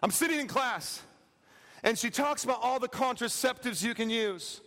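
A man preaching a sermon, telling a story with animated, acted-out quotes and humor. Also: very high-pitched, moderate pace. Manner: animated, acts out quotes, plays for laughs. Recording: reverberant hall.

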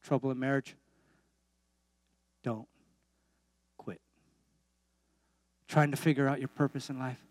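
A man's voice: medium pitch, level tone, fast, few pauses, dry recording. Emphatic preaching man, pastor. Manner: emphatic preaching with repeated calls and amens. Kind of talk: sermon. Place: church.

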